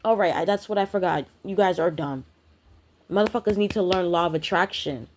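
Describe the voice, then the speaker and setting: A woman's voice: lowish voice, brisk, darkish tone. A woman giving a blunt, profane, confrontational rant in a spiritual vlog. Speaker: spiritual content creator. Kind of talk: ranting vlog monologue.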